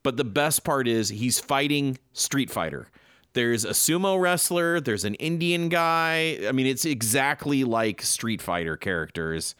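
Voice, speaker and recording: A male podcast host recaps an old cartoon in an excited, rambling way, full of fillers and restarts. His pitch swoops up and down a lot, and the sound is dry and close. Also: measured pace, clean tone, no echo. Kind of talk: casual chat.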